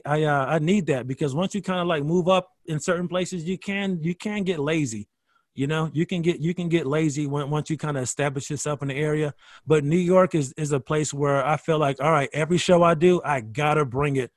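Animated stand-up comic man, tight dry mic. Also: on the high side, dry recording. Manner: animated storytelling, swearing, many restarts. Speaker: guest comedian. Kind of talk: casual podcast conversation.

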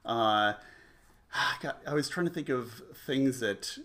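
A man's voice: mid-range voice, slow pace, a bit bright, a little hiss or hum. A man in his forties telling a rambling family story in casual chat, full of restarts and self-mocking humor. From United States.

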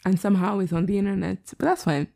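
A woman's voice: mid-range voice, fairly even intonation, fast talker, creaky, warm tone. A young woman hosting her own podcast, chatting candidly and rambling at midnight, tired. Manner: rambling, candid, self-deprecating. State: tired late at night. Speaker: podcast host. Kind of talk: casual solo podcast chat. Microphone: laptop setup.

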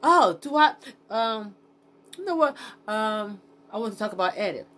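A woman's voice: mid-range voice, expressive, normal speed, fairly bright tone. Rambling, frank woman podcaster. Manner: rambling, profane, frank, with many fillers and restarts; talks to herself while checking her notes. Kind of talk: unscripted solo podcast monologue.

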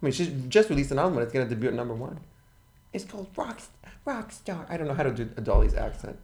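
A man's voice: medium pitch, lively intonation, racing, a little mellow. A man co-hosting a podcast in casual chat, telling gossip in a campy way and slipping into playful put-on voices. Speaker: podcast co-host.

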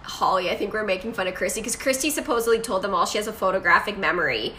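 A woman's voice: mid-range voice, expressive, fast, sharp tone. A young woman casually recapping a show and acting out quotes in dramatic voices. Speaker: podcast co-host. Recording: echoey room with faint noise.

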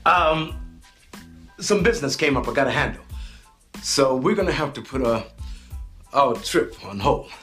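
An actor playing a middle-aged father who backs out of his plans, hesitant and halting in his speech. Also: mid-range voice, animated, fairly bright tone, faint music behind. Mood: evasive. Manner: halting and hesitant, with filler pauses.

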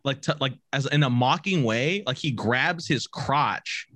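A man's voice: medium pitch, animated, measured pace, fairly bright tone, no echo. A young man casually telling a rambling, profane story with many restarts and bursts of laughter. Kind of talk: casual chat.

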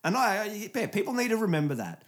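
A man's voice: high-pitched, big pitch swings, quick pace. A young man in casual chat, joking and laid-back, swearing now and then.

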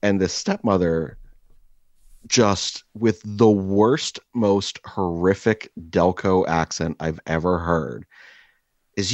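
Deep-voiced man telling a crude story. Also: slow pace, dry recording. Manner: animated, crude, rambling with many fillers. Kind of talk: casual comedic storytelling. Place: indoor room, seated across from co-host.

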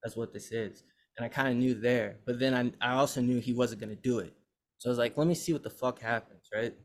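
A young man hosts a podcast and tells a long story in loose casual chat. His voice sits at an ordinary middle pitch, and he rambles and curses freely as he acts out what others said. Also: fast talker. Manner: rambling, profane, animated retelling. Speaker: podcast host.

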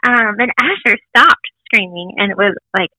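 A woman's voice: medium pitch, expressive, moderate pace, pushed and bright, no echo, rough recording. A woman in her thirties, a guest sharing a candid personal story, laughing often and acting out voices in her quotes. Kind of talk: personal testimony interview.

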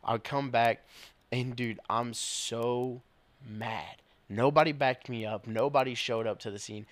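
Swearing and frequently laughing, a young police officer co-hosting a podcast tells stories in lively, casual chat. He speaks at a measured pace in a medium-pitched voice, and the recording has no room sound.

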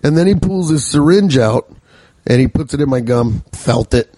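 A man's voice: medium pitch, expressive, normal speed, mellow, no room sound. Profane, rambling male podcast host. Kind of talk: casual comedic storytelling.

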